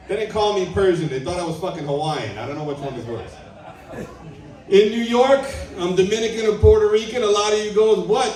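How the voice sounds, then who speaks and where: A brash, profane stand-up comic, a man from Trinidad and Tobago with a high-pitched voice. He sits a bit back from the mic, and the sound rings around a very echoey club room. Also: distant mic. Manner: brash, profane, punchy delivery. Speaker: stand-up comedian. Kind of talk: live stand-up set. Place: comedy club stage.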